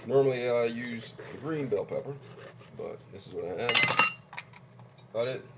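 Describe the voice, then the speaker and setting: In his home kitchen, a cooking vlogger with a mid-range voice and lively intonation chats loosely through each step of a meal at a normal speed while chopping and stirring. Loud clatter of pots, dishes and cutlery runs beneath his casual demonstration.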